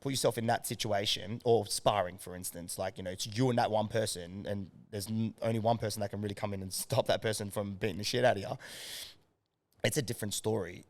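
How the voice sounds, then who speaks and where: Animated Australian man telling stories. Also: on the low side, quick pace. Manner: animated storyteller, swears freely. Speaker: strength and conditioning coach, guest. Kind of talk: casual podcast chat.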